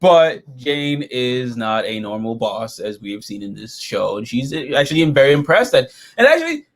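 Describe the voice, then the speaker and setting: A man's voice: medium pitch, normal speed. A man hosting a casual review chat, rambling and swearing freely as he talks through an episode. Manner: animated, profane, rambling. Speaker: show host reviewing episodes.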